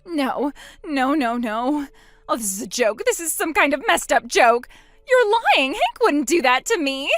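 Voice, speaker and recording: A woman's voice: sits high, slow, no room sound, faint music behind. A woman voicing a smug, gloating younger sister in a dramatized text-message story, mocking her older sister. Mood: panicked. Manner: mocking, taunting.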